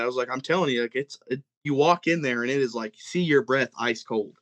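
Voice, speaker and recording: A young man from Oklahoma recounts a creepy night in the woods as a podcast guest. His voice sits at an ordinary middle pitch, and he rambles, circling back to act out what his brother and friends said. It is casual, unscripted storytelling. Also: fairly quick, few pauses. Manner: rambling, animated retelling with many "like"s and quoted dialogue. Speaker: guest telling an encounter story.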